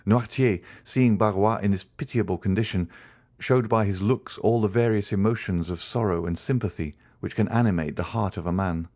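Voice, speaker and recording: Low-voiced male audiobook narrator. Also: normal speed, darkish tone, no room sound. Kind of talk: scripted narration.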